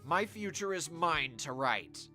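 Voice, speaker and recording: A resolute young woman read aloud by a man streaming a game, speaking slowly and earnestly. The tone is bright, lowered a little, with a lively rise and fall. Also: soft background music, full character voice. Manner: earnest, measured reading of game dialogue.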